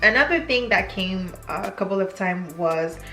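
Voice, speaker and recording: Young woman w/ a french accent, candid chatty vlog, bright voice, echoey room. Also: medium pitch, normal speed. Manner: chatty, candid, switching into French mid-sentence. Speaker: YouTuber. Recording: echoey room, faint music.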